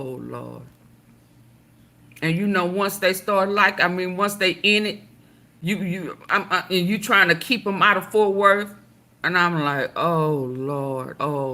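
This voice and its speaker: A woman's voice: mid-range voice, pushed and bright. A middle-aged woman hosting casual reaction commentary, emphatic and preachy, swearing freely. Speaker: commentary channel host.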